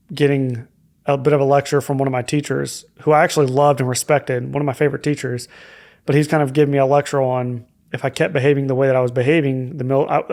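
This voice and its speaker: Flat, gravelly-voiced man telling his story. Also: medium pitch. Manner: candid and reflective, with hesitant fillers. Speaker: podcast guest. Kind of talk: personal story in a podcast conversation.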